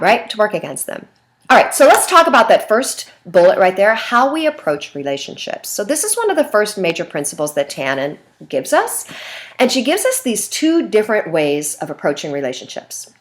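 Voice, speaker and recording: A middle-aged woman teaching a class in a relaxed, chatty lecture style. Her pitch rises and falls a lot as she talks, and she keeps checking in with "right?" and "okay?" between points. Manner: lively, conversational, frequent "right?" checks. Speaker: instructor. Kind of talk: recorded lecture.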